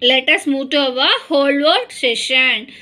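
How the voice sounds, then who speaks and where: A woman's voice: high voice, unhurried, bright, forceful tone. A woman with an Indian English accent teaching a phonics lesson to children, saying each word twice and calling them "my dear children".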